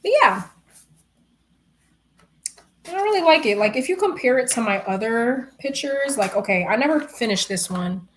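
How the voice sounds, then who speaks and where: A young woman from New York with a New York accent, chatting casually and retelling a story in slangy, animated talk with frequent laughs. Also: a little high, moderate pace, pauses often, slight background noise. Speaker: streamer. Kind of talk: casual chat.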